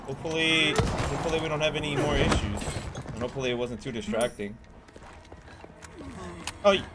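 A man casually commenting on his video game playthrough, swearing and excitable. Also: mid-range voice. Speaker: gamer. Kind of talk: let's play commentary. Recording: game audio behind the voice.

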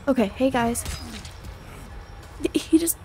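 A young woman narrates her gameplay in a casual let's play, talking to herself in a jittery, self-mocking way. Her voice sits a little high but sounds soft and mellow. Faint game music plays underneath. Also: slow pace. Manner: jittery self-talk, frequent exclamations; jokey and self-deprecating. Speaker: gamer.

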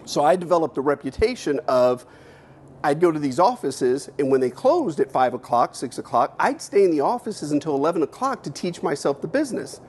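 A man in his fifties gives a keynote speech, telling his story in a candid, animated way with casual swearing. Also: a little high, brisk, breathy edge. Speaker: keynote speaker.

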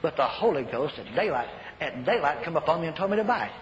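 An older man preaching a sermon, telling folksy stories and shouting commands. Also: fairly high pitch, very animated, fast. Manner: folksy storytelling, shouts commands, repeats phrases. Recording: echoey hall, faint noise.

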